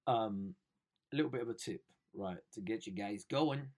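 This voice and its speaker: A man's voice: on the low side, normal speed, a little mellow. A young man, riffing sarcastically on news stories as host of a comedy show. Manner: joking, sarcastic, slangy.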